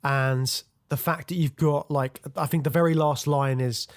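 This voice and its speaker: A man's voice: on the high side, steady tone, a little slow. A man co-hosting a film podcast, talking casually and rambling with lots of fillers. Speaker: podcast co-host.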